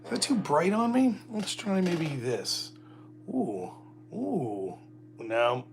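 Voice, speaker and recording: A middle-aged man hosts a casual livestream alone, rambling and making jokes at his own expense. His gravelly voice sits high, swings widely in pitch and moves slowly, over a noisy background.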